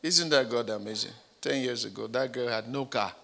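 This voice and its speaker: A pastor preaching a sermon, telling stories with animated shifts of voice and acting out the people he quotes. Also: mid-range voice, moderate pace, creaky.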